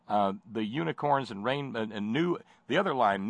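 A man's voice: medium pitch, expressive, moderate pace, gravelly, no room sound. A man giving sardonic spoken commentary, mocking and rambling with many fillers and false starts.

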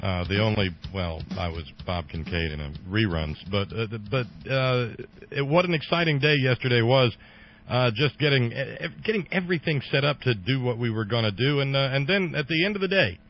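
A middle-aged man hosting a radio talk show in a rambling, sarcastic political monologue, full of restarts and fillers, breaking into loud mocking outbursts. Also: mid-range voice, animated, fairly quick, highs cut off.

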